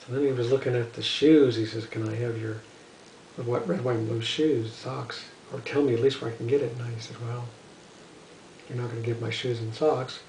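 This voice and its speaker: A man's voice: mid-range voice, fairly even intonation, a little fast, a little mellow, slight background noise. Older man, casual storyteller, rambling with fillers, echoey room, mic a bit far off, faint ambience. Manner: rambling, lots of "you know" and "uh". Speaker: musician telling stories. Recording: roomy echo, voice from a distance.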